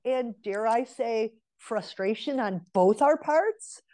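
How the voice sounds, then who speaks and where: Speaking slowly and expressively, this woman has a somewhat high voice with a darkish quality. She's in her forties, a relationship mentor being interviewed, and she tells a personal story casually while giving sincere advice aimed squarely at women.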